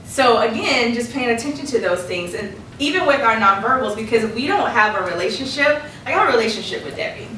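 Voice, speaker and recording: A bright, high-pitched woman leads a public speaking workshop, lively and quick to laugh as she acts out little quotes. Her voice is heard from across a reverberant meeting room, with faint background noise. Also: distant mic. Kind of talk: workshop presentation. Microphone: distant room mic. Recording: echoey room recorded from afar.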